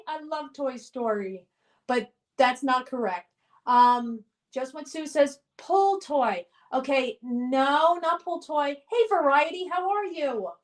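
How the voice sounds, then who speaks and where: High-voiced chatty woman streamer. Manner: chatty and upbeat, laughs often, reminiscing. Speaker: live stream host. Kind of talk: casual live stream chat, reading viewer comments aloud.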